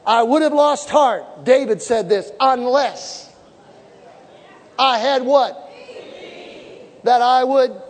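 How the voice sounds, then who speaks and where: A man preaching a sermon with fervent shouting and call-and-response to the congregation, recorded in a large church hall. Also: very high voice, takes it slowly, pauses often. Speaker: pastor. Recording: echoey hall with live congregation.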